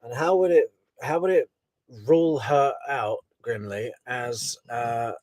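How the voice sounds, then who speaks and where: A man's voice: medium pitch, unhurried, a little mellow, no echo. A man hosting a live stream, commenting on a trial in a casual, sarcastic and exasperated way and reading out viewer comments. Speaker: livestream host commenting on a trial.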